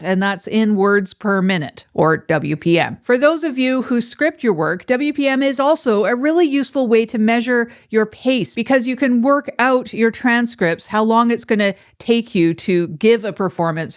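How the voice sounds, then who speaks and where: A middle-aged woman hosting an educational podcast, explaining clearly and measuredly with casual fillers. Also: on the high side, no echo, clean studio sound. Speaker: podcast host.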